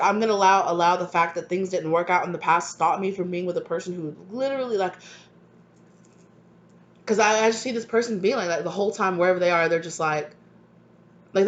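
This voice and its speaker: Rambling tarot reader, muffled lo-fi audio. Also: mid-range voice. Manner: rambling, many fillers, acts out imagined quotes. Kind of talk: casual channeled tarot reading.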